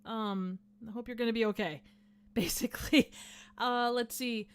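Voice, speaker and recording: A woman's voice: on the high side, fairly even intonation, a little slow, clear, resonant tone. A woman with a Midwestern American accent hosting a livestream, reading chat messages in a chatty, giggly way. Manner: giggly, laughs often, chatty. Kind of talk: casual chat.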